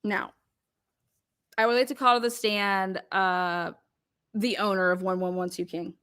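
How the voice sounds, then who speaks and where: A woman's voice: mid-range voice, steady tone, fairly bright tone, smooth. A woman commentator acting out a cross-examination, firing pointed questions one after another. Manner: rapid-fire pointed questioning.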